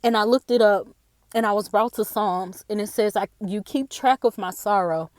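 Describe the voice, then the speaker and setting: A woman giving a personal devotional talk, earnest and halting, often repeating her words, tearful after a day of crying. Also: mid-range voice, no room sound, studio quality. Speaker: faith speaker.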